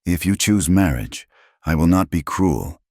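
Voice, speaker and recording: A man's voice: low voice, expressive, unhurried, a little mellow, dry recording, studio quality, exaggerated voice. A man voicing a solemn, proud warrior who speaks in short, clipped, broken phrases.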